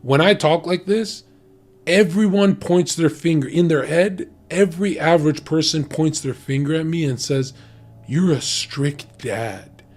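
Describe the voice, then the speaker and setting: A man's voice: on the high side, normal speed, a little mellow. A man talking bluntly and profanely in a heated, ranting casual chat about dating. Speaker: podcast guest giving dating opinions.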